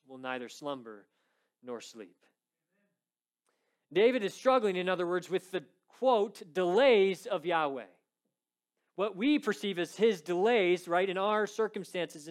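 High-voiced man preaching a lively sermon. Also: a little slow, clear, resonant tone. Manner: animated storytelling with dramatized quotes and conversational asides. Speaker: pastor.

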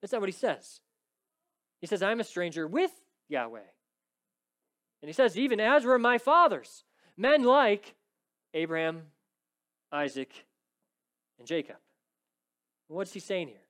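High-voiced man preaching with rising intensity. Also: very animated, a little slow, pauses often, sharp tone. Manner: emphatic, rising to pleading intensity when quoting scripture; frequent "right?" checks with the congregation. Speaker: pastor. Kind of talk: expository sermon.

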